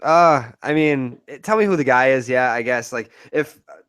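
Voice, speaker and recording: A man's voice: mid-range voice, normal speed, fairly bright tone, clear, resonant tone, no room sound. A young man co-hosting a podcast, talking sports casually in a blunt, jokey way with lots of swearing. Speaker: podcast co-host.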